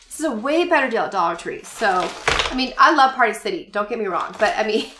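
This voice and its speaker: A woman's voice: fairly high pitch, expressive, fast talker, reverberant, noisy background. Chatty woman rambling through a haul. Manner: chatty and rambling, with fillers and laughs. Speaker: vlogger showing a shopping haul. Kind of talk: casual chat to camera. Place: at home.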